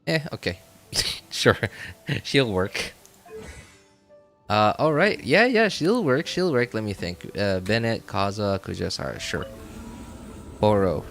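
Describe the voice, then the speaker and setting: A low-voiced male gamer chatting loosely through gameplay, in no hurry and often circling back to correct himself. He laughs easily between thoughts, with soft game music playing underneath. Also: lively intonation, takes it slowly, vocal fry, pauses often. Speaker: gaming streamer. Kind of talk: casual gameplay commentary.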